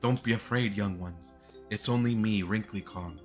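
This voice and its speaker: A man doing a gentle old ghost ape woman. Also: lowish voice, moderate pace, soft background music, close to an everyday voice. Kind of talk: reading game dialogue aloud.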